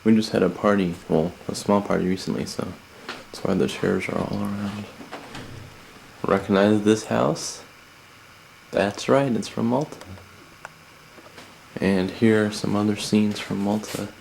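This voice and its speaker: A man with a low, gravelly voice gives a rambling tour of his family home, dropping wry asides as he goes. He speaks offhand and casual. The audio comes from a hissy 1990s camcorder mic. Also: fairly even intonation, measured pace, long pauses, darkish tone, rough recording. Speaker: home video maker giving a house tour. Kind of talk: casual handheld house tour. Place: family house, indoors and garden. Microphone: camcorder built-in mic.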